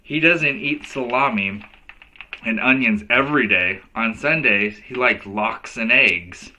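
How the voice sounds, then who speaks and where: A man voicing a matter-of-fact schoolboy who explains things slowly, reading a storybook aloud. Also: medium pitch, pushed and bright, slight background noise. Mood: plain.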